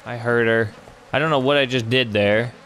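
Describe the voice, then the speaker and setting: A young man commenting on a horror game he is playing, excitable and quick to swear, breaking into panicked yelling. His voice sits at an ordinary middle pitch, with a faint noise hum in the background. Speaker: gamer. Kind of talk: let's play commentary.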